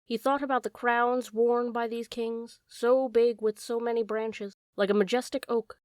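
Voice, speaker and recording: A woman narrating a classic storybook audiobook in a calm, measured way. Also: on the high side, no room sound, clean studio sound.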